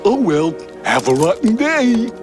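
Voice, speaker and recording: A timid, fussy little troll. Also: male voice, high voice, very animated, a little slow, over music. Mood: nervous. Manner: mild, fussy, nervous laughter. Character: gentle, timid little male troll gardener.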